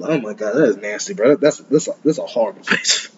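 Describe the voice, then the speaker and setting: Young guy rambling thru an anime recap, kinda high voice, lots of "and, and", dull lo-fi mic with faint room noise. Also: expressive, moderate pace, darkish tone. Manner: rambling, stammering restarts, slangy. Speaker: anime reaction host. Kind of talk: casual reaction commentary.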